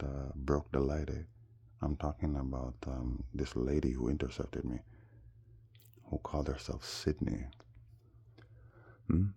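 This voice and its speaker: A man's voice: a bass voice, creaky, mellow, slightly rough, lo-fi sound. A man from Jamaica with a Jamaican accent, rambling through a casual story and calling his viewers "people". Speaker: vlogger.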